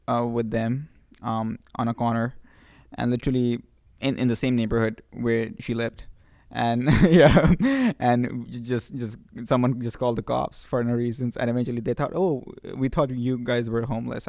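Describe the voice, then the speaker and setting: A man co-hosting a podcast, chatting agreeably in a halting casual way. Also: medium pitch, flat delivery, creaky, darkish tone, dry recording, studio quality. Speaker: podcast co-host. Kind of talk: casual chat.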